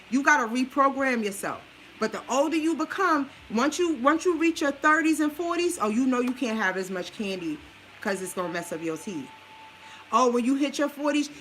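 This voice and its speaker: A woman with a New Orleans accent, high-pitched and fairly bright, walks viewers through a meal plan in her home kitchen. This vlogger's casual cooking demo and advice come across sassy and preachy, aimed straight at the camera, with a little hiss or hum on the audio.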